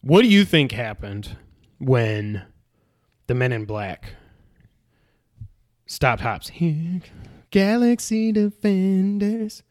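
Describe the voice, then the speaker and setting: A man's voice: medium pitch, takes it slowly, long pauses. A man in casual chat, recapping a show and acting out its scenes in a raised voice. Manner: animated retelling, acts out scenes in a raised voice.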